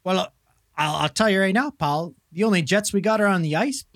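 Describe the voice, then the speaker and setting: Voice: medium pitch, a little fast, lightly acted. A performer voicing an easygoing, laid-back Canadian man who drawls and calls people pal.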